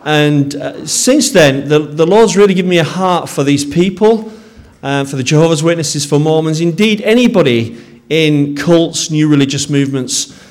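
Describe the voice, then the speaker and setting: A man's voice: a little high, animated, moderate pace, hardly any pauses, darkish tone. A man with a Yorkshire accent, a pastor speaking to a congregation in a sermon, friendly and self-deprecating with some hesitations.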